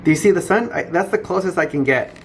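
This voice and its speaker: A young man talks casually and animatedly to his phone camera inside a hotel, laughing now and then. His voice sits a little high for a man. A faint ambient hum runs under the recording. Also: fast, vocal fry. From California. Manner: chatty, animated, laughs often. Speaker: vlogger. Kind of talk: casual vlog chat to camera.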